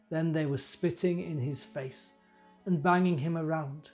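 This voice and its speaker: A man giving a measured dramatic scripture reading, telling the story. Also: fairly high pitch, fairly even intonation, soft background music. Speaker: scripture reader.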